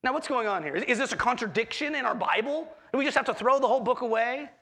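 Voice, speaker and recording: A man preaching a sermon as pastor, expressive, acting out quoted voices with swings in pitch. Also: fast.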